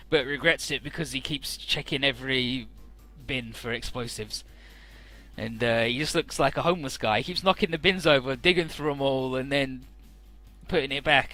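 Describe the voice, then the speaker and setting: A young man in casual game commentary, swearing freely and reading out character lines in playful voices. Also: pushed and bright. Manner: swearing, laid-back, jumps into squeaky voices for characters. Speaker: let's play commentator.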